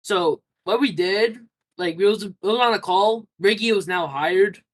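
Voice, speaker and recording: A man's voice: high voice, measured pace, low-quality recording. A young man answering interview questions casually, rambling through a story with lots of fillers and restarts.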